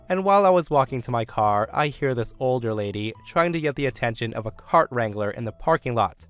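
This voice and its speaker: A man narrating internet stories in a lively, chatty way, adding quick asides to the listener. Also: medium pitch. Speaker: story narrator.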